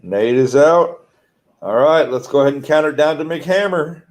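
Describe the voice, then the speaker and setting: A man's voice: on the high side, moderate pace, darkish tone. A man hosting a live-stream charity auction, calling out bids in a folksy way. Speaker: auction host.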